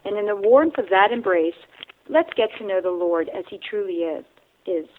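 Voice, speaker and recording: Woman, calm devotional reader, mid pitch, thin phone-line sound. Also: a little hiss or hum. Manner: calm, measured, addressing the listener. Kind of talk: devotional reading and reflection.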